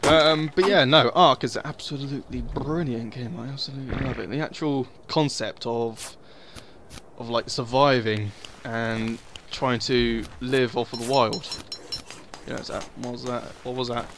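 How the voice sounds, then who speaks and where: A man's voice: medium pitch, steady tone, moderate pace, background noise. A young man giving casual, sweary commentary over a survival game, muttering asides to himself. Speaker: gaming video host.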